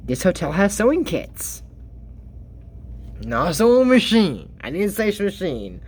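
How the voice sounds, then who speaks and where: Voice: medium pitch, huge pitch swings, unhurried, a little mellow, husky. A commentator recapping a cartoon in casual comedic commentary, exasperated, with laughing asides.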